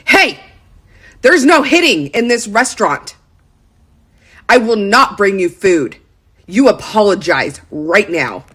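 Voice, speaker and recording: A woman plays a stern male waiter, raising his voice higher and louder to scold a misbehaving child. He is strict and unbending, and he lays down the rules at the table. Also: sing-song, slow, long pauses, slightly rough, heavily acted. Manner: loud, scolding.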